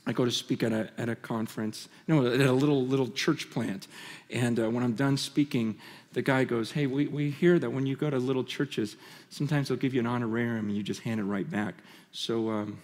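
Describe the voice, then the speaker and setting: A man giving a conference sermon, telling personal stories in an animated way, full of restarts and laughter. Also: mid-range voice. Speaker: conference speaker. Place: large conference hall stage. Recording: hall reverb from a large venue.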